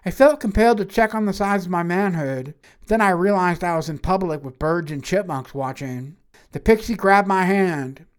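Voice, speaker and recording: A woman's voice: on the low side, normal speed. A woman reading a first-person fantasy story aloud in a wry, matter-of-fact way.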